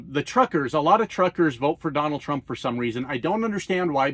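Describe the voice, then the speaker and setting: A man rants into his phone with blunt, sarcastic profanity. His voice sits a little high for a man, and the sound is close and dry with almost no room echo. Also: a bit bright. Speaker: political vlogger, former truck driver. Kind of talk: profane political rant to camera.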